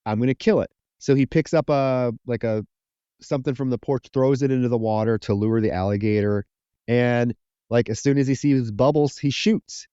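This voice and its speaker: Smooth mellow male podcast co-host. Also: mid-range voice, moderate pace, dry recording, dull audio. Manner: profane, animated plot retelling with acted quotes. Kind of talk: casual film recap chat.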